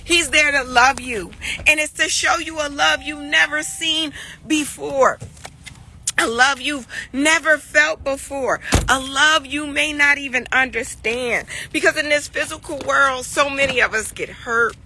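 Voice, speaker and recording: A woman in her forties with a high, bright, forceful voice takes her time recounting a family story, over a slight hiss or hum. The mother's devotional becomes a heartfelt morning message, emotional and earnest, with phrases repeated for weight.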